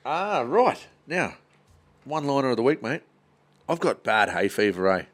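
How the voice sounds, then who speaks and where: A man's voice: medium pitch, big pitch swings, unhurried. An Australian man co-hosting a podcast in laid-back casual chat, telling yarns and laughing at his own stories. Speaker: podcast co-host.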